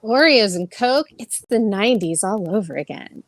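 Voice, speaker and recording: A woman's voice: medium pitch, lively intonation, normal speed, dry recording. Playful woman co-hosting a podcast. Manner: playful, teasing, laughs often. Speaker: podcast co-host. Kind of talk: casual chat.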